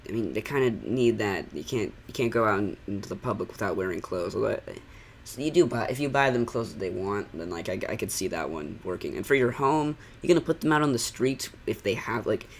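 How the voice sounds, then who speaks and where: A man's voice: fairly low pitch, animated, a little fast, a little hiss or hum. A man giving sarcastic reaction commentary, rambling and leaning on the word "like" as he pokes holes in what he watches. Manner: sarcastic, rambling, heavy use of "like". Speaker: channel critic.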